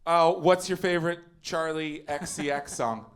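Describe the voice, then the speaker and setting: A man hosting a live comedy panel, playful and jokey, with quick asides to the crowd. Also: a little high, fairly even intonation. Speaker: comedy show host.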